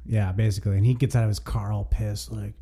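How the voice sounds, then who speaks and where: Male podcast co-host, deep mellow tone, loose chatty storyteller. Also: little pitch movement, quick pace, husky. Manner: rambling storyteller, frequent "like". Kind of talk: casual chat.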